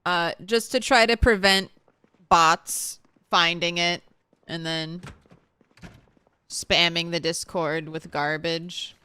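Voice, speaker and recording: Southern-raised woman streamer, unhurried, clear smooth voice, blunt and chatty with viewers. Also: lowish voice, fairly even intonation, pushed and bright. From Southern United States. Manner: chatty, answers chat with blunt swearing and laughs. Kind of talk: casual chat while streaming a game.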